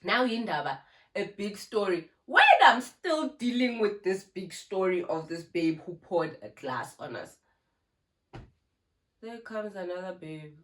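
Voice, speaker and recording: A woman's voice: mid-range voice, lively intonation, unhurried, fairly bright tone. A young South African woman with a South African accent, animatedly telling a casual storytime to her phone camera and dropping in Zulu words. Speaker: YouTuber. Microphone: phone camera with ring light.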